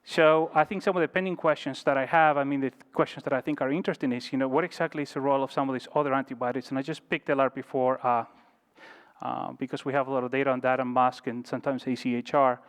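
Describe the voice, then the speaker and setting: Quick-talking man presenting in a reverberant hall. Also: medium pitch, steady tone, smooth. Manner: informal, hedges often with "I think". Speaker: physician presenting at a medical conference. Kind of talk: conference lecture. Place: hotel conference room.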